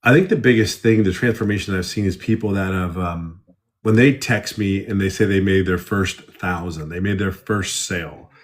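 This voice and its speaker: A man's voice: deep voice, moderate pace. A middle-aged man, a guest in a casual live interview, who rambles and repeats himself as he tells stories.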